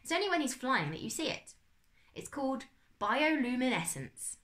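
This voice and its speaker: A woman's voice: high voice, big pitch swings, moderate pace, fairly bright tone, voice pushed up. A woman reading aloud and voicing a confident know-it-all schoolgirl in a children's story, with a lofty, matter-of-fact manner.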